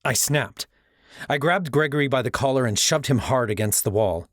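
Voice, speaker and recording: A man's voice: mid-range voice, normal speed, no echo, clean studio sound. A young man narrating a first-person audiobook in a brooding, intense way.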